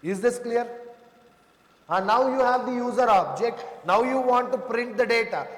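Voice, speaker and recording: Brief: high-pitched man teaching coding live, keeps checking if students follow, reverberant classroom sound. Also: moderate pace. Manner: talks students through code step by step, asking checking questions; addresses students as "sir" and "boss". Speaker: programming instructor. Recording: echoey room with long reverb.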